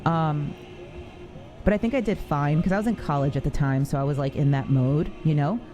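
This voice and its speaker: A woman's voice: low-pitched, normal speed, dark tone. A woman streamer giving chatty, jumpy commentary while playing a horror game and talking back to its characters. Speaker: gaming streamer. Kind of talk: casual let's-play commentary.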